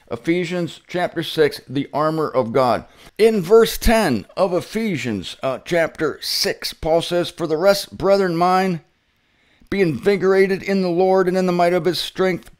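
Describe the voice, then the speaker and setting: A man teaching the Bible in a playful, theatrical way, repeating his key points with emphasis and telling stories with mock drama. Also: sits high. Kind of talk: humorous Bible teaching monologue.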